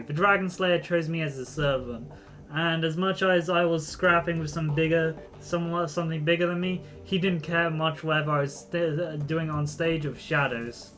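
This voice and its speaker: A man voicing a weathered older male ex-punk turned shaman mercenary, reading game dialogue aloud in a blunt, rough-edged, world-weary manner. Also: a little high, moderate pace, a bit bright, soft background music, natural voice. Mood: matter-of-fact.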